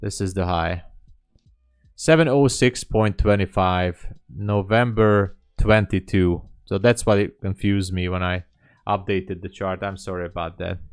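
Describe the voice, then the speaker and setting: Slow, low-voiced man on a livestream. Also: fairly even intonation, clean tone, no echo, clean studio sound. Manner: slow, thinking aloud, apologetic. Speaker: livestream day trader. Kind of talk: live trading stream chat.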